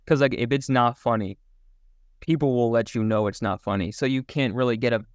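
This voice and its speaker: Smooth-voiced young comedian, animated. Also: male voice, mid-range voice, fairly quick, dry recording. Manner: animated, laughs often, rambling storytelling. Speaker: comedian guest. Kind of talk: casual podcast chat.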